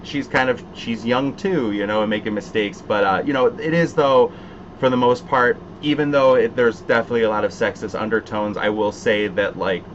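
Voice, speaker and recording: A man's voice: mid-range voice, fairly even intonation, moderate pace. A man hosting a casual pop-culture chat, talking with a Southern American accent and many fillers and restarts. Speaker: host. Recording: dull sound, faint noise.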